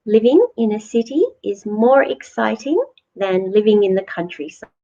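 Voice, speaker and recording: A woman teaching English grammar at a slow, deliberate pace, from New Zealand, repeating each word clearly for learners. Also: medium pitch, mellow. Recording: dull lo-fi recording.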